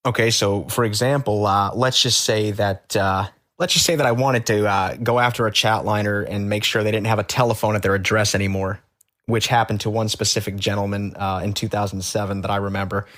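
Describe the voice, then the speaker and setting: A man as an interview guest, telling stories in a halting, matter-of-fact way with many fillers. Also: on the low side, fairly even intonation, fairly bright tone. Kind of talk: conversational storytelling.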